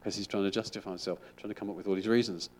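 A man's voice: on the low side, fairly even intonation, rapid-fire, a little mellow. A middle-aged man, a school chaplain, giving an informal sermon in a chatty, rambling way with frequent restarts.

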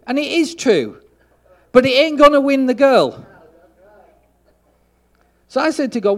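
A man preaching a sermon, telling a story and acting out the dialogue, getting loud for emphasis. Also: very high-pitched, sing-song, unhurried, pauses often.

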